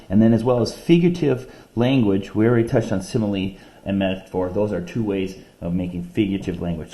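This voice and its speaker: A man's voice: lowish voice, warm tone. A man teaching a reading lesson, patiently explaining poems step by step and counting out syllables. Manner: reads poems slowly and deliberately. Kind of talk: recorded classroom reading lesson.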